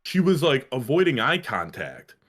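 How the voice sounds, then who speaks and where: A man's voice: mid-range voice, big pitch swings, moderate pace, a bit bright. Rambling, profane podcast host, a man. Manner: rambling, profane, many fillers and restarts. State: a little winded. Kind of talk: casual chat.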